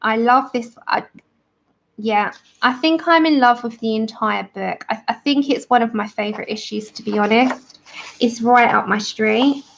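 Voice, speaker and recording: A woman's voice: fairly high pitch, normal speed, vocal fry, a bit bright, muffled recording. A woman hosting a colouring livestream, chatting enthusiastically and greeting viewers by name. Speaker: livestream host of a colouring channel. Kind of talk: casual livestream chat with viewers.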